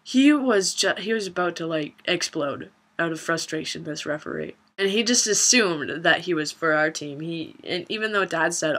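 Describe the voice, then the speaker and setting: A woman's voice: lowish voice, animated, moderate pace, hardly any pauses, fairly bright tone. A young woman vlogging a funny personal story in a casual, chatty way, swearing and laughing as she goes.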